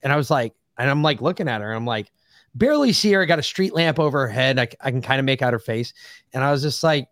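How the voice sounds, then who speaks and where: A man's voice: medium pitch, lively intonation, fast talker, fairly bright tone, dry recording. Guy on a podcast rambling thru a crude story, lots of swearing, dry close sound. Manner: profane, rambling anecdotal storyteller. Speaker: podcast co-host. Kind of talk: casual storytelling chat.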